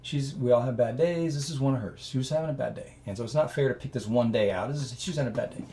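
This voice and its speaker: Speaking very fast in a medium-pitched voice, a male interview guest earnestly tells a personal story, rambling with many fillers. He gets loud and animated at the emotional moments.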